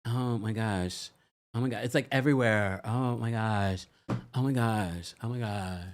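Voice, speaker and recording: A man's voice: on the low side, a little slow, lightly acted. A man doing an impression of a frantic, phone-obsessed reality-star woman, fretting in breathless repeated exclamations. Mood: fretful.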